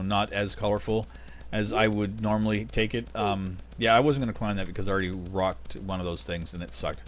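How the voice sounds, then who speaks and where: A man's voice: fairly low pitch, fairly bright tone, slight background noise. A man hosting his gaming channel, talking casually and rambling with lots of fillers while he plays. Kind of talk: casual gameplay commentary.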